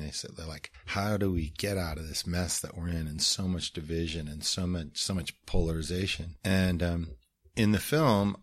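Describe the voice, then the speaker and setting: Low husky-voiced man telling a story. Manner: earnest, rambling, frequent restarts and fillers. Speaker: musician promoting a film. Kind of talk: conversational storytelling.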